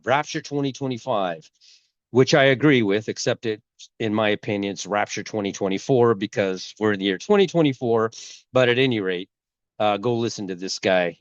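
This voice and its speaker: A man's voice: on the low side, dry recording, lo-fi sound. Man with a cold, rambling talk. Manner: rambling, halting, many restarts. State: has a cold, sore throat, coughing. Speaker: YouTube host. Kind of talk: casual religious commentary.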